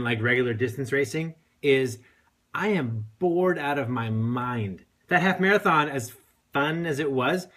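A man's voice: medium pitch, fairly bright tone. A man in his forties co-hosting a podcast, rambling and joking in casual banter. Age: 40s. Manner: joking, rambling, playful voices for others. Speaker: podcast co-host.

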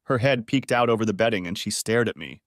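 A man reading a first-person story aloud in a steady, even manner. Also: lowish voice, fast talker, dry recording, clean studio sound. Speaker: audiobook narrator.

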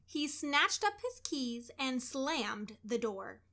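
A storybook reader with a high female voice shares a children's story aloud. Her telling is both expressive and deliberate.

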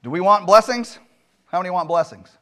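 A male pastor preaching a sermon in a church, emphatic, firing rhetorical questions and swinging between loud and soft delivery. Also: high voice, a little fast. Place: church sanctuary.

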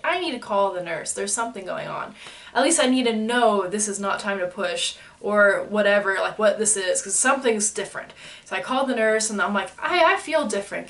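A woman, telling a personal story in a chatty, animated way and acting out the people she quotes. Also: medium pitch, distant mic. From United States. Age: 20s. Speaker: vlogger. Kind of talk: casual storytelling.

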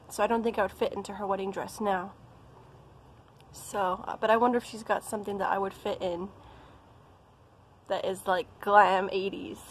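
A woman's voice: medium pitch, slight background noise, rough recording. A young American woman talking casually in a vlog, chatty and playful. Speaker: vlogger.

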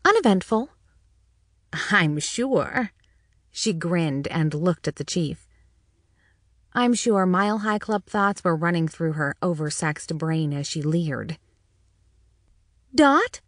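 A woman's voice: low-pitched, a little slow, no room sound, studio quality. Wry woman narrating an audiobook. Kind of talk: first-person audiobook narration.

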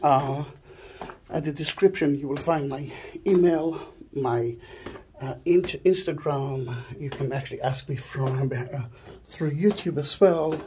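A man with an Israeli accent, a tour guide talking casually as he walks visitors through a site, softly and with pauses. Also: fairly high pitch, big-room sound, slight background noise. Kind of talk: casual walking tour vlog.

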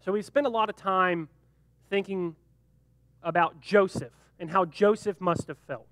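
A young man leading a youth group Bible lesson, joking and animated, briefly acting out the characters in the story. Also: high voice, no room sound. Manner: animated and joking, acts out quick character voices. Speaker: youth pastor.

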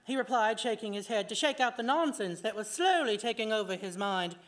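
A woman reading her own short story aloud at a fiction night, in an expressive storytelling manner. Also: on the high side, normal speed.

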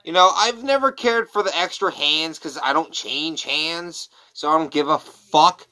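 Chill collector dude on his couch, slow talker, bright slightly high voice, crude jokes. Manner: rambling, crude jokey asides. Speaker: wrestling figure collector vlogger. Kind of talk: casual unboxing chat. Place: at home on a couch.

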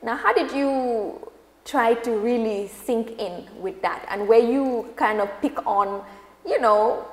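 A woman from Gambia hosting an interview, mixing Wolof, English and French and giving many soft murmurs of agreement. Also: fairly high pitch, slow. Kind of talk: interview conversation. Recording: echoey room with long reverb.

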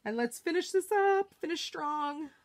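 A woman's voice: high voice, expressive, unhurried. Bubbly chatty woman crafting on a livestream. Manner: bubbly, chatty, self-deprecating, often drops to a murmur while working. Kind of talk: casual live craft demo chat.

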